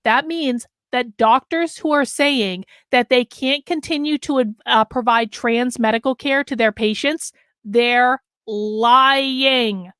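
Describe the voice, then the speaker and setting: A woman's voice: on the high side, slow pace, a bit bright, clean tone, dry recording, studio quality. A woman hosting a live commentary stream, emphatic and losing her voice, reading out and answering chat. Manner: emphatic, talks with her hands. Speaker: host.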